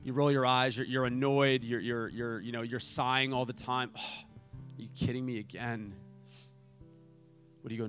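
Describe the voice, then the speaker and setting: A man pastor preaching passionately, with repeated phrases, then leading communion in a hushed prayer. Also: medium pitch, steady tone, normal speed, faint music behind. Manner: impassioned, repetitive phrasing, drops to hushed prayer. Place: church sanctuary.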